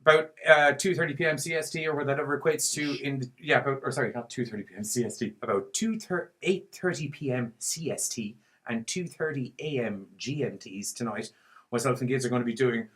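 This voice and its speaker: Hombre bromista que divaga y suelta tacos. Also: male voice, medium pitch, fairly quick, a bit bright. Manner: rambling, jokey, swears freely. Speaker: podcast co-host. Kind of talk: casual podcast chat.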